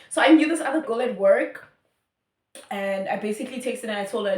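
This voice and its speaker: A woman's voice: medium pitch, a little fast. South african girl chatting a storytime, lots of "like", roomy sound. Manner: animated, chatty, many fillers. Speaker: YouTuber. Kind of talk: storytime vlog.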